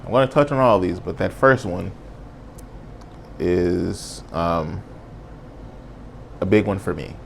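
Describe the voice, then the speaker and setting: A male podcast host talks on his own, earnest, casual, and reflective, in a low, gravelly voice. He goes slowly and pauses often, with a touch of hiss or hum underneath.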